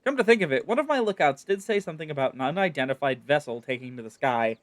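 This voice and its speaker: A man's voice: a little high, expressive, quick pace, lightly acted. A man voicing a blunt, weary male camp commander in a game, with dry, grumbling delivery. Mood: musing.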